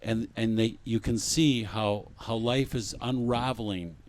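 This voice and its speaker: Slow, gentle male spiritual speaker. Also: medium pitch, fairly even intonation, slight background noise. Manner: gentle, reflective, repeats phrases. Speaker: conference speaker. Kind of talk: spiritual talk on forgiveness.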